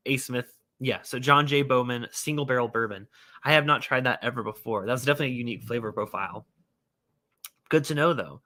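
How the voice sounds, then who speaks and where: Male livestream host, casual and animated, bright forward tone, quick to exclaim and scold himself. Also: mid-range voice.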